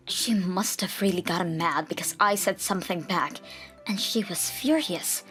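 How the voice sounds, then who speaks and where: A woman reads a dramatic manga dub story in a mid-pitched voice, earnest and sometimes hushed. Faint music plays beneath her. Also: normal speed. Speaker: narrator.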